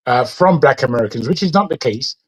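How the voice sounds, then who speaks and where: A man's voice: mid-range voice, animated, brisk, husky, lo-fi sound. A man with a British accent hosting a news talk show, giving opinionated, rambling commentary and repeating words when he gets worked up. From Britain.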